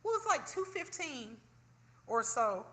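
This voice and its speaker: Animated vlogger in echoey room. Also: high-pitched, measured pace. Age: 40s. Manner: animated and indignant, chatty. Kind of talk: casual venting to viewers. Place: indoors, self-filming.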